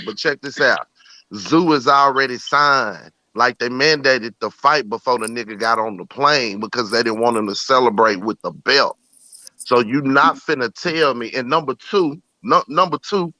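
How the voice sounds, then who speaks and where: A man's voice: mid-range voice, bright, forceful tone, no echo. A man co-hosting a casual boxing debate, talking in a brash, blunt, slangy way. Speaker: podcast co-host.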